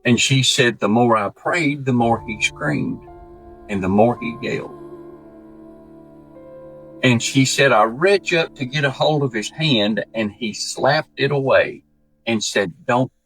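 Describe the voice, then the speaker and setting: A man's voice: medium pitch, takes it slowly, faint music behind. Folksy man telling a story. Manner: folksy, animated, acts out quoted voices. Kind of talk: casual spoken storytelling.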